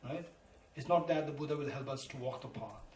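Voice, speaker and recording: A man's voice: medium pitch, brisk, a little mellow. A man giving a Buddhist teaching, emphatic and repetitive, spelling terms out letter by letter. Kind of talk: dharma lecture. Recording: roomy, distant mic, faint noise.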